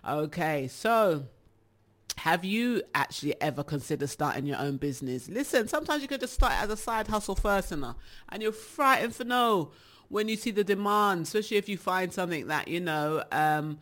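A woman with a British accent, chatting casually to her viewers as a rambling, animated storyteller. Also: fairly low pitch, normal speed. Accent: British English. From England. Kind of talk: casual chat.

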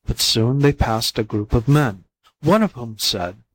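A man reading fables aloud as a volunteer audiobook narrator, in plain, even storytelling. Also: medium pitch, a little slow, rough recording.

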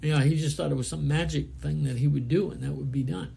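A man's voice: a little high, fairly even intonation, fast talker, vocal fry, dark tone, slightly rough. A man giving a sermon, reading scripture aloud and explaining it in an earnest, plainspoken way with frequent restarts. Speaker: preacher.

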